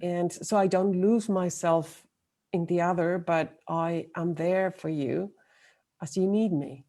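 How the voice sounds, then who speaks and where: Slow, mellow-voiced woman. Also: lowish voice, steady tone. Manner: thoughtful, with pauses and ums. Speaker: webinar participant. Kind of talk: casual comment on a video call.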